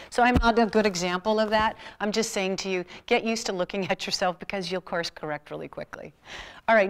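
A woman motivational speaker giving a live talk to an audience in a university lecture room, animated and playful, swinging her voice up and down. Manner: animated, playful, big swings in pitch and loudness. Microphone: room mic on a filmed talk.

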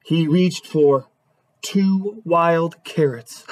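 A man reading a children's picture book aloud at story time, animated and asking his young listeners questions. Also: a little high, slow pace. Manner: animated, asks questions to listeners, lots of hums.

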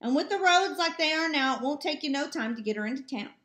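A woman's voice: high-pitched, animated, fast talker, a bit bright. A woman reading the part of an easygoing rural neighbor man, drawling and reassuring, in a roomy home recording. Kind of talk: amateur audiobook reading.

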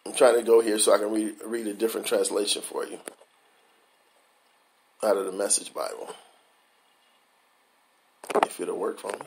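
A male pastor giving a conversational devotional sermon, repeating phrases, asking rhetorical questions and slowing down for emphasis. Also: lowish voice, steady tone, gravelly, noisy background. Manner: conversational preaching with frequent repetition and rhetorical questions; slows down for emphasis, acts out quoted inner voices.

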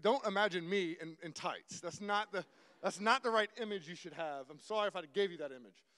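A young man giving an animated sermon-style talk, often repeating words and dropping from loud to hushed. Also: high-pitched, a little fast, in a large hall. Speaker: guest speaker.

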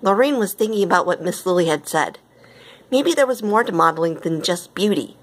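A woman reading a storybook aloud as narrator, with gentle, even pacing. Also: fairly low pitch, brisk, slightly rough.

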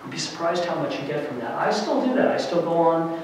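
A middle-aged man giving a lively workshop lecture to faculty, varying his loudness for emphasis, with many fillers. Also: a little high, brisk, slight background noise. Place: large lecture room. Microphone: distant room mic. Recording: very echoey hall from far off.

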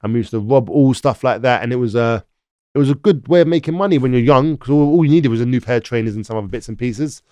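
A man's voice: mid-range voice, fast talker, darkish tone, dry recording. Rambling London man telling stories. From London, England. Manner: rambling, frequent "like" and "yeah?" tag questions. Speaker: podcast guest. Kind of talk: casual storytelling interview.

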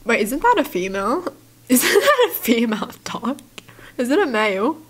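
A young woman from Australia reading tweets aloud and reacting in a giggly, animated way. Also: a little high, moderate pace, slightly rough. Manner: giggly, animated, squeals in disbelief. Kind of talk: casual reaction commentary.

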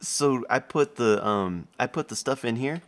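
A man casually commenting on his own gameplay, chatty and quick to react aloud. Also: mid-range voice, animated. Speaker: host, video game player.

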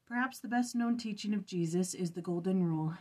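A woman's voice: mid-range voice, a little fast, a little mellow. A woman hosting an early-morning scripture study, chatting casually and thinking aloud as she reflects.

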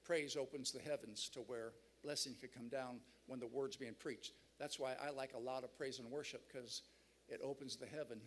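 A man's voice: mid-range voice, steady tone, moderate pace, fairly bright tone, a little hiss or hum. A man preaching a sermon at a church seminar, emphatic and rousing the crowd. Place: large church hall.

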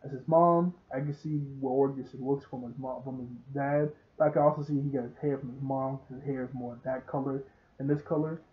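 A man's voice: mid-range voice, steady tone, fairly quick. A man casually recapping a show episode, chatty and laughing often. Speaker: show reviewer. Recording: tinny phone-like sound.

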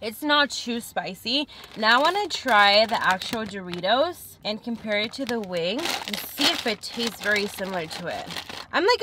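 A woman's voice: mid-range voice, pushed and bright, slight background noise. A young woman chatting frankly and thinking aloud as she tastes food in a casual eating vlog. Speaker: food vlogger.

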